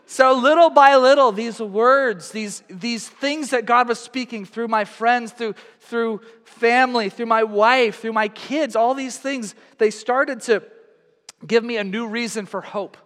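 A man preaching a sermon as pastor, telling a personal story in an animated, emotional way. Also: very high-pitched, unhurried, in a large hall.

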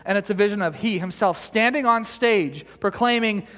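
In a big room, a male pastor with a high voice tells stories through his sermon at a moderate pace, hardly pausing. He's animated, full of fillers and restarts, and teases the congregation gently.

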